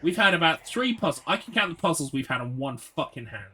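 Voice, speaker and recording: A man's voice: on the high side, big pitch swings, fast, sharp tone, husky. A young man streaming a horror game, ranting sarcastically and swearing as he gets frustrated. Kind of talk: live gameplay commentary.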